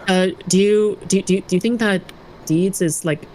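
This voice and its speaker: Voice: medium pitch, normal speed, dark tone, a little hiss or hum, poor audio. A speaker mocking others and repeating phrases in a heated group voice call.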